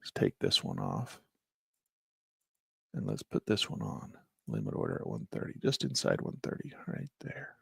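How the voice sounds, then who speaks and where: A man's voice: rumbling low, huge pitch swings, moderate pace, creaky, long pauses, fairly bright tone, husky, no room sound, clean studio sound. A man casually talking viewers through a live trading lesson, thinking aloud as he clicks through charts and chatting to his viewers. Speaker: trading instructor.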